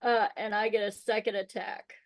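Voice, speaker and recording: A woman's voice: medium pitch, level tone, moderate pace. A woman playing a tabletop game, calling out rolls and attacks in a matter-of-fact way. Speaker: player.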